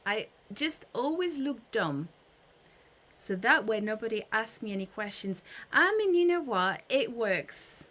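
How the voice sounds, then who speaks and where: A woman's voice: a little high, big pitch swings, measured pace, fairly bright tone. A woman hosting a casual livestream, chatting with her audience, greeting viewers by name, with frequent fillers and restarts. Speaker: livestream host.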